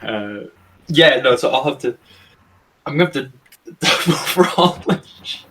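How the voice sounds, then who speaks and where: A young man from Britain hosts a casual online podcast, talking at an ordinary pitch. He rambles through his points, swears freely and laughs easily. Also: expressive, normal speed, a bit bright. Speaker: podcast host. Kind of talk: casual chat over a voice call.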